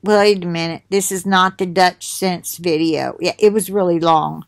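A middle-aged woman talks slowly and unhurriedly to her viewers, wandering through asides as she reads out titles. Her voice sits at an ordinary pitch, recorded dry and close with little room sound. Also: fairly even intonation, vocal fry, no echo. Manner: slow, rambling, reads titles aloud with asides. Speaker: video host sharing links. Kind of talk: casual monologue to viewers.

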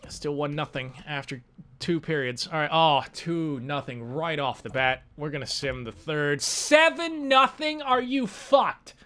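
A young man giving live commentary over his own hockey video game, swinging between loud frustrated outbursts and quiet muttering, swearing often. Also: fairly high pitch, steady tone, moderate pace. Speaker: gaming channel host.

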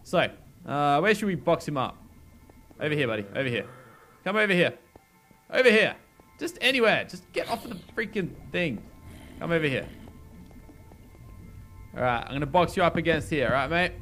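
A man giving casual let's-play commentary as a gaming host, excitable and talking to the characters on screen. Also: on the high side, moderate pace, long pauses, soft background music. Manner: excitable, talks to game characters. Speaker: gaming YouTuber.

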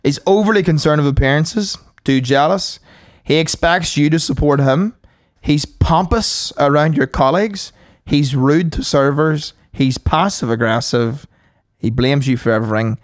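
A man's voice: a little high, moderate pace, dry recording, clean studio sound. A man co-hosting a podcast, swearing and laughing as he reads a list aloud. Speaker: podcast co-host. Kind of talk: casual chat.

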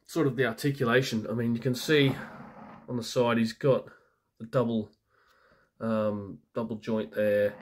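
A man talks through an action figure in a loose, chatty way, stopping for fillers and restarting sentences. His voice sits at an ordinary mid pitch for a man. The sound is that of a phone camera held close. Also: darkish tone. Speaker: toy reviewer. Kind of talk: casual toy review.

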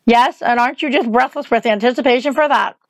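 A woman voicing a sharp-tongued, bossy witch who scolds and snaps orders in an audiobook reading. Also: fairly high pitch, fast, dry recording, lightly acted. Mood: scolding. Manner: scolding, impatient.

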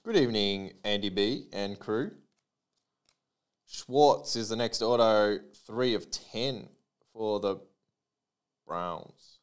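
A man's voice: on the low side, slow pace, long pauses, clean tone. A man hosting a live trading card break, calling out player names and serial numbers with chatty asides to his viewers.

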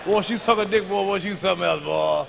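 A man performing a stand-up comedy routine on a big stage, telling profane stories with a swagger, jumping between shouts and low asides. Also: fast talker, vocal fry, long reverb tail, a little hiss or hum. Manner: loud, swaggering, profane storytelling with sudden shouts and drops to a murmur. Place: large live venue on stage.

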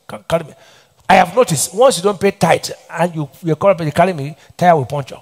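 Speaking at a quick pace with a fairly high pitch, a middle-aged Nigerian pastor preaches in a church hall. He leans on repeated lines and tosses questions back to the congregation for a response.

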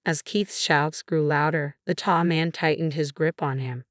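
A woman narrating a first-person story in an even, steady storytelling manner. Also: low-pitched, unhurried, dry recording, studio quality.

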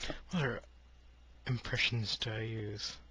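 A man with a lowish, bright, forceful, slightly rough voice speaks at a measured pace, with no room sound. He's a video blogger at his computer desk, rambling casually with self-deprecating jokes into a close-held mic that he keeps bumping.

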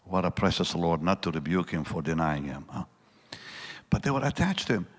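A man preaching a sermon, swinging between loud bursts and hushed lines and acting out the voices in his story. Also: low voice, sing-song, a little fast. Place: large church hall. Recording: long church reverb.

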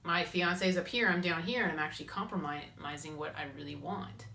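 Bright-voiced woman talking in a roomy space. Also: on the low side, a little fast, creaky, slight background noise. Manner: animated, acts out inner voices and quotes. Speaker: spiritual advice host. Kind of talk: monologue advice talk. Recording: roomy echo.

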